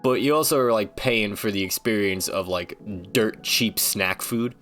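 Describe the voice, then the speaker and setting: A man's voice: fairly low pitch, moderate pace, a bit bright, soft background music. A man streaming, ranting casually in a rambling, joking, foul-mouthed way. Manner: rambling, profane, joking rants.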